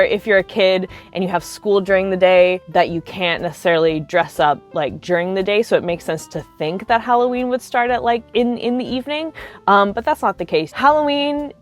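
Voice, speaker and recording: Speaking at a mid-range pitch, a young woman cosplay creator chats to camera, telling casual stories sprinkled with likes and you-knows.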